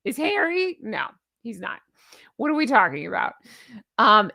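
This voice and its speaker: A woman's voice: medium pitch, very animated, normal speed, gravelly, bright, forceful tone, no echo, studio quality. A woman hosting a commentary channel, talking in a sarcastic, exasperated, mocking way.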